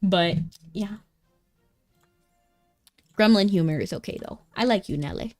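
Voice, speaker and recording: A bubbly, chatty young woman talks casually with viewers while she streams a game, speaking at a measured pace in a mid-range voice with a darkish tone. Game music plays faintly underneath.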